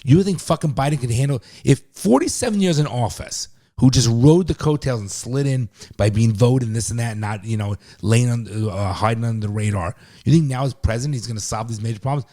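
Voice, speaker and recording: A man's voice: medium pitch, a little fast, few pauses, mellow. Heated, swearing middle-aged male podcaster. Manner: heated, profane, repeats words when worked up. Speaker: podcast co-host, father. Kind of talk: casual podcast chat.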